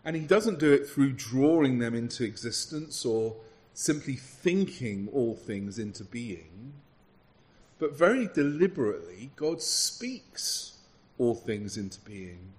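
A man's voice: medium pitch, very animated, slow. A man preaching a sermon in an earnest, conversational way, often restarting his phrases.

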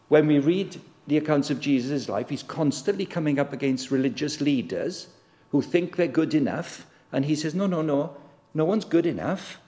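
A man gives a sermon as a visiting preacher, talking to the congregation in a chatty, direct way and often asking them questions. His voice has a gravelly edge and swings widely in pitch. The sound carries the long reverb of a large church hall. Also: a little mellow. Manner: conversational, asks the congregation questions; acts out quoted voices with big pitch swings. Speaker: guest preacher.

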